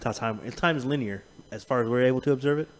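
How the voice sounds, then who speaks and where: A man's voice: medium pitch, fast, a little hiss or hum. A man co-hosting a podcast, telling rambling, profane stories in casual chat. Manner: profane, rambling, animated storytelling with laughs. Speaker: podcast co-host.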